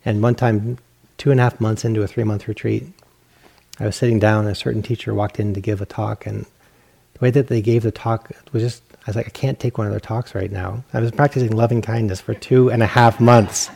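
A man's voice: fairly low pitch, fairly even intonation, brisk, creaky, a little mellow, husky. A male meditation teacher giving a dharma talk, telling a personal story in a self-mocking way and acting out his own inner voice.

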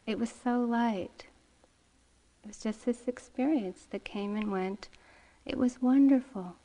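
A middle-aged woman meditation teacher giving a dharma talk, telling a story gently and slowly with soft laughs. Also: a little high.

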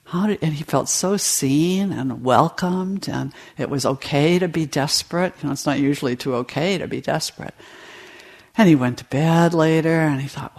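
A woman meditation teacher giving a dharma talk to retreat participants, in a slow, storytelling delivery. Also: low voice, vocal fry.

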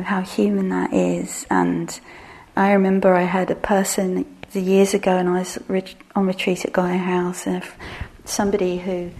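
Slow, gravelly woman teaching meditation. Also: on the low side. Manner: slow, soft-spoken, self-deprecating, often laughing. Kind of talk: relaxed dharma talk.

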